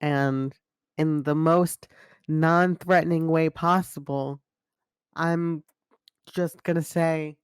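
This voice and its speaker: A woman's voice: deep voice, fairly even intonation, slow, long pauses, clean tone, dry recording, clean studio sound. A woman playing a tabletop game, speaking hesitantly and unsure of what to do. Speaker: player. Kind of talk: casual game chat.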